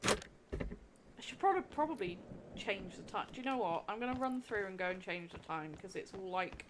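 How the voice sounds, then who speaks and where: A woman's voice: mid-range voice, lively intonation, normal speed, background noise. A young adult woman streaming a game, chatting casually with a giggly, effusive and rambling manner. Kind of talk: casual gameplay livestream chat.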